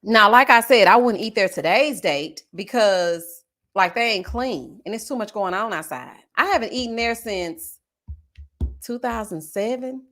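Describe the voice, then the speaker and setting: A woman, chatting on a livestream and reading out viewer comments, animated and quick to laugh, with drawn-out asides like "child" and "honey.". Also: mid-range voice. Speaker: livestream host.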